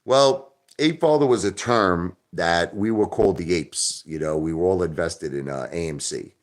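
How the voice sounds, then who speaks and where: A man hosting a casual livestream, rambling and repeating himself, jumping from loud outbursts to low mutters and softening his swear words. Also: normal speed. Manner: minces swear words into euphemisms. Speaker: livestream host.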